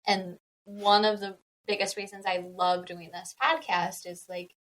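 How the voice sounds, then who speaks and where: A woman's voice: mid-range voice, flat delivery, a little slow, fairly bright tone, low-quality recording. A woman co-hosting a podcast, chatting casually and emphatically and laughing often. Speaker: podcast co-host, dyslexia interventionist.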